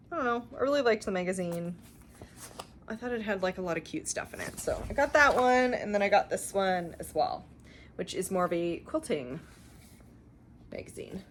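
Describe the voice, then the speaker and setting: A woman's voice: mid-range voice, a bit bright, slight background noise. A young woman from Canada hosting a cross-stitch channel, chatting casually and gushing over her shopping finds. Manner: gushing, chatty, lots of fillers and laughs. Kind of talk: casual show-and-tell chat.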